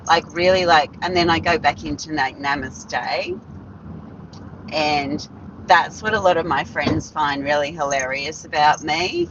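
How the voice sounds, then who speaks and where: A woman's voice: low-pitched, steady tone, normal speed, highs cut off, noisy background. A woman telling stories on a casual live stream, blunt and rambling, swearing freely and restarting her sentences.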